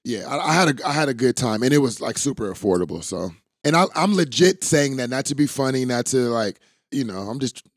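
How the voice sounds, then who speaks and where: A man's voice: mid-range voice, animated, a little fast, slightly rough. Man reacting in short bursts. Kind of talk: casual podcast chat.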